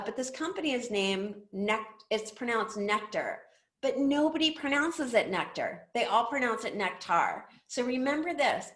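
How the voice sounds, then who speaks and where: A middle-aged woman giving a chatty webinar presentation, quizzing the audience with questions as she goes. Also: fairly high pitch. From United States. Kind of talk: presentation talk. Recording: echoey room.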